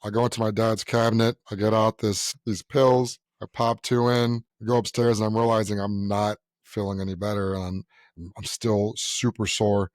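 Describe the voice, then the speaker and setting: Co-hosting a podcast, a young man swears freely and speaks bluntly, voicing the characters in his anecdotes during casual chat. He talks at a normal speed in a lowish, level voice, and the recording is clean, dry studio sound.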